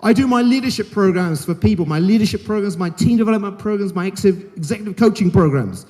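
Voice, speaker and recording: A middle-aged man gives a keynote to a conference audience in a large hall with audible reverb, speaking frankly, emphatically and with jokes. His voice sits high and has a dark tone, with lively intonation and a fast delivery.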